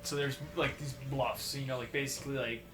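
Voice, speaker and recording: A young man chatting casually while playing a game, telling a rambling story and getting animated at the exciting parts. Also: medium pitch, fairly quick. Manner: rambling storyteller, animated when acting out shouts. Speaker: let's play co-host. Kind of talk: casual gaming chat. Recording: roomy echo with faint game music.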